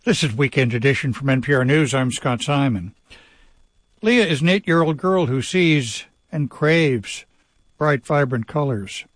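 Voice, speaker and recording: A male radio host with a polished, even on-air delivery. He introduces his guest and asks questions at a medium pitch, and the studio sound is dry and close. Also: no room sound. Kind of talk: broadcast interview.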